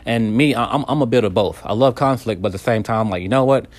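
Male, lowish voice, calm earnest self-help monologue, lots of repeats and restarts. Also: fast talker, dry recording.

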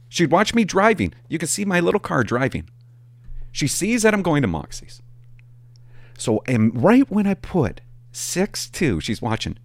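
A man's voice: a little high, dry recording. A middle-aged man, a former police officer, telling stories to camera and acting out the people in them. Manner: animated, acts out quoted people. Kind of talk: storytelling vlog.

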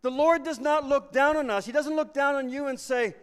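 A man's voice: extremely high pitch, a little fast, a bit bright. A man preaching a sermon as pastor, earnest and repeating himself as he restarts phrases. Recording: long reverb of a large hall.

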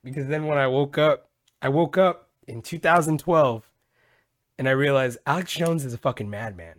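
A man's voice: mid-range voice, moderate pace, dry recording. A young man hosts a loose, rambling podcast chat, full of swearing and "dude." His voice sits in a middle range. The recording is dry and close. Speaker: podcast host. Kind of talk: casual chat.

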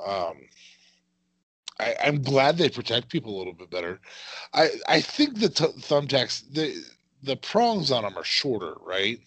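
A man's voice: medium pitch, sing-song, unhurried, a bit bright, breathy edge, no echo. A man co-hosting a casual wrestling watch-along podcast, reacting with exclamations. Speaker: podcast co-host.

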